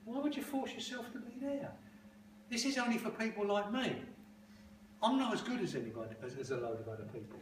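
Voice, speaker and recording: A man's voice: high voice, animated, fairly quick. A man speaking bluntly and emphatically to a room of advertising students, swearing freely as he tells stories in an informal talk and Q&A. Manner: blunt, profane, emphatic storytelling. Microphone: phone recording from the audience. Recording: distant, echoey, noisy phone recording.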